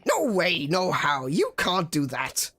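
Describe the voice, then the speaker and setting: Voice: medium pitch, wildly swooping pitch, takes it slowly, bright, forceful tone, full character voice. A streamer voicing an eccentric older male inventor in a game, fussy and stammering, fretting over his young student. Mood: fussy, excitable.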